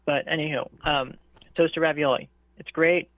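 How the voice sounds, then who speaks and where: St. Louis guy, rambling casual chat, fairly high voice, thin phone-line sound, dry. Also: steady tone, normal speed, no room sound. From St. Louis, USA. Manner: rambling, filler-heavy, many "like"s. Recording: tinny phone-like call audio.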